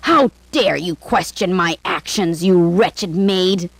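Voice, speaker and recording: A woman's voice: on the low side, slow pace, slightly rough, no echo, heavily acted. A woman doing a spoiled cruel princess. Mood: furious. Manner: imperious and harsh.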